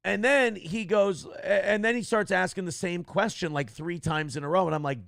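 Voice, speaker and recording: Man, livestream host, brash and profane, gravelly, dry close sound. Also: high voice, moderate pace, hardly any pauses, a bit bright, no echo. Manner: brash, profane storytelling with mocking quoted voices. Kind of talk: casual monologue.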